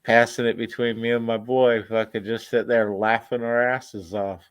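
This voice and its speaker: A man's voice: mid-range voice, little pitch movement, normal speed, dry recording. A man telling a long story in casual chat, laid-back and profane, laughing as he goes.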